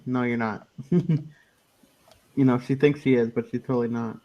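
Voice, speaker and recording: A man's voice: medium pitch, normal speed, long pauses, darkish tone. A man hosting a casual online radio chat, loose and laughing, often trailing off into mumbles. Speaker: podcast host.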